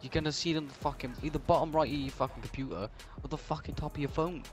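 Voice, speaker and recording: A man's voice: fairly high pitch, steady tone, racing, music in the background. A young man in online game voice chat, swearing nonstop and ranting insults at other players over a headset. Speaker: gamer.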